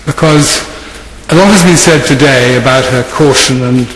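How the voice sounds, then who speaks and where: A former minister giving a speech with halting delivery and many fillers. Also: male voice, mid-range voice, fairly bright tone. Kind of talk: speech to an audience. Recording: echoey hall.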